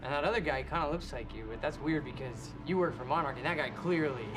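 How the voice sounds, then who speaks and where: An actor playing a smug young security analyst who taunts a man in fast, mocking talk. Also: on the high side, music in the background, close to an everyday voice. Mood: taunting. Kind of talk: video game acting. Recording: game audio with loud score.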